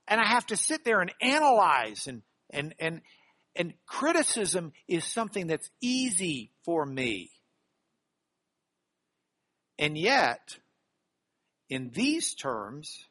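An earnest man delivers a Bible lesson in a slightly high voice, swinging from emphatic bursts to quiet, prayerful stretches. The sound is dry and close, with no room around it. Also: measured pace, pauses often, no room sound. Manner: earnest, animated, with sudden emphatic rises. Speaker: Bible teacher. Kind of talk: sermon-style Bible lesson.

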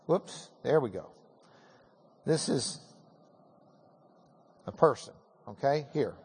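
A man teaching a Bible class, telling an animated, self-deprecating story. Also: mid-range voice, takes it slowly, slightly rough. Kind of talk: storytelling lecture. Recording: hall with long reverb.

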